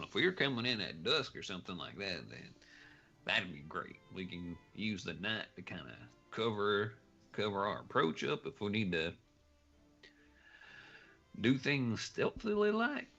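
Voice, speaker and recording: A man's voice: on the low side, sharp tone. A man chatting casually as a tabletop game player, hesitant with many ums and restarts. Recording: slightly muffled livestream audio.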